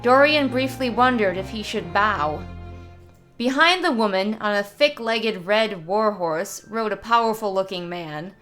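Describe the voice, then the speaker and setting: Woman narrating a fantasy tale, steady and measured, faint music under it. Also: mid-range voice. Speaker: story reader. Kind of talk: reading a fantasy short story aloud.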